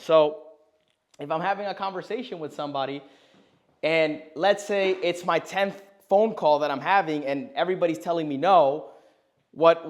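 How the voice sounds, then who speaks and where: Energetic man coaching a sales class. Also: mid-range voice. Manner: energetic, emphatic, peppers lines with "right?". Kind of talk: teaching a live sales class.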